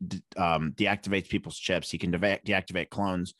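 A playful man riffs through a relaxed podcast conversation, his voice leaping up whenever he gets excited and breaking into laughter. The sound is close and dry, with no room around it. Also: sits low, normal speed, dry recording. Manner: joking, animated, jumps into silly voices and laughs. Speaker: podcast co-host. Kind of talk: casual chat.

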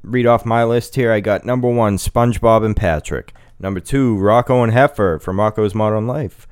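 A man co-hosting a casual podcast from a home studio, enthusiastic and quick to laugh. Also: fairly low pitch, smooth, no room sound. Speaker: podcast co-host.

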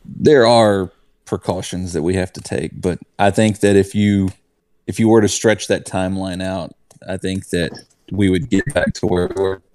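A man's voice: low-pitched, fairly even intonation, normal speed, darkish tone. A man chatting casually as a podcast panelist, rambling and correcting himself as he goes. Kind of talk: casual chat.

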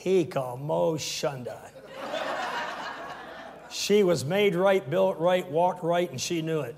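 Lively sixties male preacher. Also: sits high, measured pace, noisy background. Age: 60s. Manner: call-and-response preaching, humorous asides. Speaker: pastor. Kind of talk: sermon.

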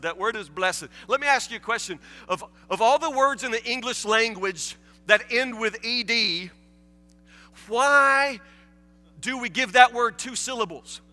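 A man's voice: high voice, pushed and bright. A man preaching a conversational sermon as a pastor, often stumbling and restarting words, recorded in a church. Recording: reverberant hall with faint music.

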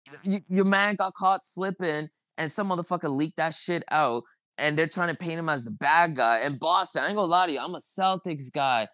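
A man's voice: on the high side, a bit bright, no echo. A man hosting a podcast, ranting about basketball in a heated, profane, rambling way. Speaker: podcast host. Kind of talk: casual sports chat.

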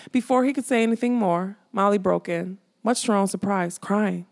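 Creaky-voiced woman reading a fantasy story. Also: mid-range voice, moderate pace, few pauses. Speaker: audiobook narrator. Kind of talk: scripted narration.

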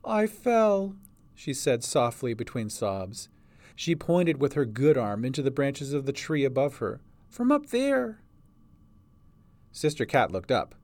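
Expressive man narrating a storybook. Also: medium pitch, normal speed, no echo. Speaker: storyteller and producer.

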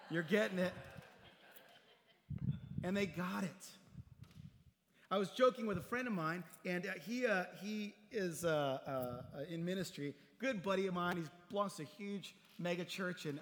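A man's voice: high voice, moderate pace, a bit bright. A middle-aged man preaching as a pastor, telling personal stories in a conversational way and acting out the dialogue with humor. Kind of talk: sermon with storytelling. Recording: long hall reverb.

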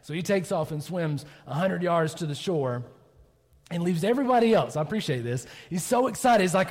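A male pastor preaches in a storytelling style, slipping into the characters' inner thoughts with lively energy. His voice sits a little high. Long reverb from a large hall trails behind him. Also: fairly quick. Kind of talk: sermon storytelling.

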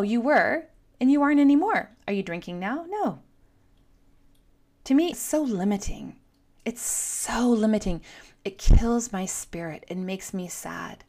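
A woman's voice: medium pitch, a little mellow. A middle-aged woman hosting a show, speaking earnestly and directly to the listener in a motivational monologue. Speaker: podcast host.

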